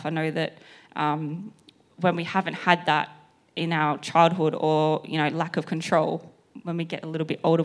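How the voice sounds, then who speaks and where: A woman tells her story with bubbly energy. She laughs between lines and swings her voice up high whenever she acts out what someone said. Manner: laughs often, high excited acted quotes. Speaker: personal trainer sharing a testimony. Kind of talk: animated storytelling.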